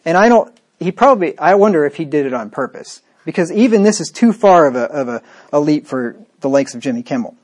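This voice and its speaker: A man's voice: a little high, animated, brisk, a little mellow. A man preaching a sermon in a scornful, combative way, with frequent rhetorical asides to the listener.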